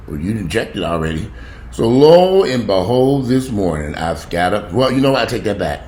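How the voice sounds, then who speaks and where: A man in an angry, profane rant at home, heated and swearing. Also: slight background noise. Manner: heated, swearing, pitch jumping up when outraged. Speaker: vlogger. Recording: echoey room with faint ambience.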